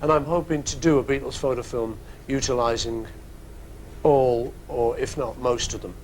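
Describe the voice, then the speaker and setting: A man's voice: medium pitch, steady tone, moderate pace, darkish tone, a little hiss or hum. A man hosting a music program from a studio, answering listener questions in a rambling, jokey, casual way. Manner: rambling and jokey, with playful asides. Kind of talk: casual chat.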